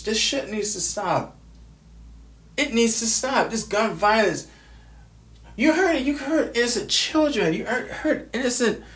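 A man from the United States speaks with raw anger and grief, cursing and tripping over repeated words. His pitch swings up and down through the rant. The recording carries a roomy echo. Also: a bit bright. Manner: angry, profane, stammering repetitions. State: grieving, furious. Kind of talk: angry personal vlog rant.

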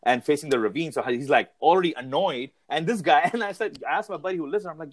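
A man's voice: medium pitch, lively intonation, fast, hardly any pauses, rough recording. A man in casual chat, animatedly telling a story and acting out what others said, laughing along the way.

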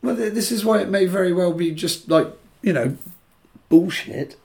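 A man's voice: sits high, normal speed, gravelly, a little mellow. An English man co-hosting a comedy podcast, telling a grisly story in a rambling, casual way with frequent restarts and swearing. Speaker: podcast co-host. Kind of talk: casual chat.

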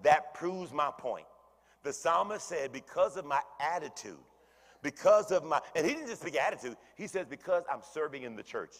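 A man's voice: on the high side, lively intonation, normal speed. Man preaching in a reverberant church. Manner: dramatic swings between hushed and loud; conversational, asides to the congregation. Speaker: pastor. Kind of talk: sermon. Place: church sanctuary.

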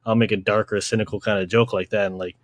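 A man's voice: fairly low pitch, flat delivery, fast talker, no echo, studio quality. A young man hosting a podcast, talking in a rambling, slangy way, swearing and saying "like" constantly. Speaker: podcast host. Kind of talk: casual podcast chat.

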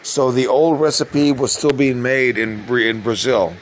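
A man's voice: mid-range voice, unhurried, slight background noise, rough recording. Older man rambling through navy stories. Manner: rambling, with frequent restarts and fillers. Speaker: navy submarine veteran. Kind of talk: casual storytelling.

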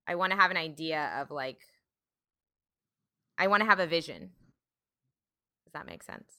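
A woman co-hosting a podcast, speaking softly and hesitantly, asking questions in a casual chat. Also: deep voice, sing-song, slow pace, pauses often, dry recording, clean studio sound. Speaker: podcast co-host.

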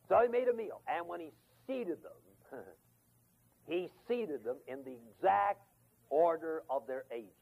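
A man's voice: fairly high pitch, creaky, darkish tone, husky. An older man teaching a Bible lesson to a men's class in a folksy storytelling way, acting out the quotes. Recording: tinny, warbly 1980s lecture tape.

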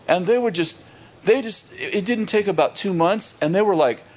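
A man who is a pastor, telling a lively story on a podcast, laughing often and restarting his sentences. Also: sits high, normal speed.

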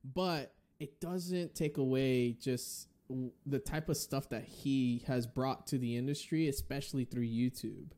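Male podcast host from the Northeast, mellow tone, upbeat, faith-filled chat. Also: medium pitch, steady tone, measured pace, hardly any pauses. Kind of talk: casual podcast interview.

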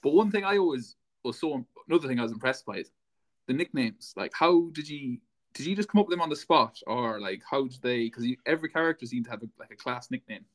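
A man's voice: medium pitch, animated, fast talker. A man, hosting a podcast and asking loose, rambling questions full of fillers. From west of Ireland. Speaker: podcast host. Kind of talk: casual interview chat.

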